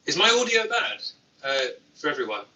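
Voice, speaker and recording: A man's voice: mid-range voice, very animated, moderate pace, sharp tone, roomy sound, distant mic, a little hiss or hum, low-quality recording. A young British man hosting a casual livestream, reading chat aloud with dry, self-mocking humor. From Britain. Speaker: YouTube host. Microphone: phone.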